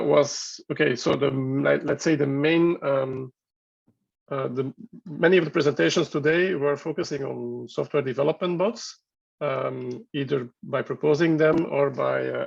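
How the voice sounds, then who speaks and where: A man moderating an open discussion at an online workshop, talking in a halting way as he thinks aloud over video call audio. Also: on the high side, gravelly, muffled recording.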